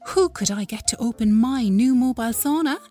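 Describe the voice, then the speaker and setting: A woman voicing a spiteful woman caller, snide and quick. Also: a little high, expressive, mellow, faint music behind, lightly acted.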